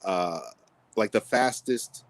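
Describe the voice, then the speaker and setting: A man joining a livestream over a video call, chatting casually and calmly standing by his opinions. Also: lowish voice, slow pace, no room sound, rough recording. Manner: relaxed, defends his opinions. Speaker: guest. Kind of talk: casual chat.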